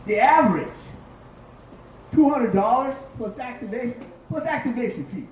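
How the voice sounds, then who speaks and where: Crude male comic with lively pitch swings; roomy, far-off bar recording. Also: moderate pace. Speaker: stand-up comedian. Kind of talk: stand-up comedy set. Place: dive bar stage. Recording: echoey bar from far off, faint noise.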